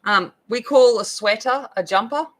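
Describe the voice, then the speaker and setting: An Australian woman hosting an adult coloring video speaks in a fairly high voice at a moderate pace, and the recording quality is low. As she colors, she chats casually and rambles, filling her talk with fillers.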